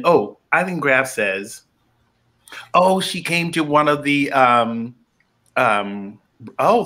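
A man hosting a casual live show, gushing and animated, laughing often. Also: mid-range voice. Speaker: host.

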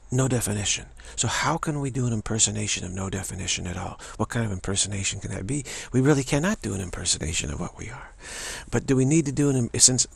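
Very husky, gravelly-voiced man musing. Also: mid-range voice, no room sound. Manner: halting, repeats words and restarts often. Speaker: spiritual teacher. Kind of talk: reflective spiritual monologue.

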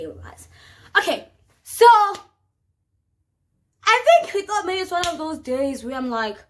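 A young South African woman telling a dramatic story in a casual vlog, with slang and an animated manner. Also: high-pitched. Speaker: vlogger.

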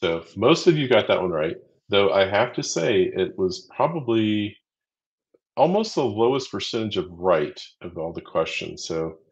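An upbeat, chatty man co-hosts a live training stream, counting down quiz answers and cheering viewers on. His voice sits on the low side. The audio is dull and lo-fi. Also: big pitch swings, measured pace. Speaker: livestream co-host running a quiz. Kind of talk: casual livestream teaching.

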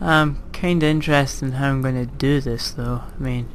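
A man's voice: medium pitch, steady tone, moderate pace, slight background noise. A young man giving casual gameplay commentary, self-mocking and sarcastic, swearing when he gets frustrated. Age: young adult. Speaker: gaming commentator.

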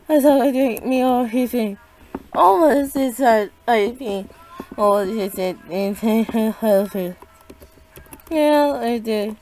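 A woman giving live gameplay commentary as a channel host, often bursting into panicked, repeated exclamations. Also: fairly high pitch. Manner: excitable, frequent panicked exclaiming and repeated cries.

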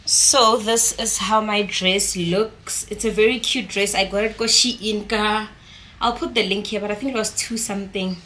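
A young South African woman vlogs casually in a mid-range voice, her intonation fairly even and her pace normal, with a pushed, bright quality. She's chatty and slips between English and Sesotho/Setswana, speaking with a South African accent.

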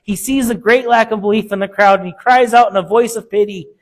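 A male pastor delivers a sermon in a very high-pitched voice. He preaches with an emphatic, repetitive rhythm, hammering on the same phrases. He moves between hushed, low passages and louder, lifted ones. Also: fairly even intonation, brisk.

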